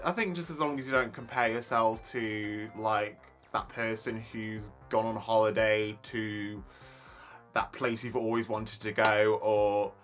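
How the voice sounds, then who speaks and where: Chatty young guy, bright tone. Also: on the low side. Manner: chatty, lots of likes and you knows. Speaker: YouTuber. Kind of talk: casual vlog rant.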